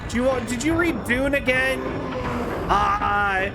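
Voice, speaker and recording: A man's voice: very high voice, takes it slowly, gravelly, loud music behind the voice. A man casually commenting on a video game as he plays, chatty and rambling with lots of fillers. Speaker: streamer.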